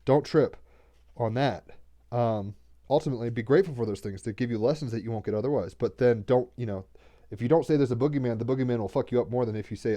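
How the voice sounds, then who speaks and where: A tarot card reader and podcast host gives a casual spiritual reading on a livestream, his medium-pitched, dark-toned voice moving at a quick pace. He rambles loosely, using slang and restarting sentences.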